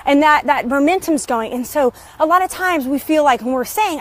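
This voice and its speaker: High-voiced upbeat woman vlogging outdoors. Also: expressive, brisk, few pauses. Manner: chatty, upbeat, greets neighbors mid-talk. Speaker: business coach. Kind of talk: casual motivational vlog. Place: outdoors in her neighborhood.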